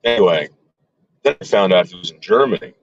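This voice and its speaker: A man tells a long, rambling story in casual talk, stumbling over restarts and filler words as he goes. His voice sits fairly low. The recording sounds dull and lo-fi. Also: lively intonation, fairly quick, no room sound. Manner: acts out quoted relatives with voice shifts.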